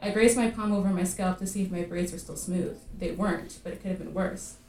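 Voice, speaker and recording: A woman reading her own fiction aloud at a live literary reading, measured and vivid in her storytelling. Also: fairly low pitch, steady tone, a little mellow, distant mic. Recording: echoey room at a live reading.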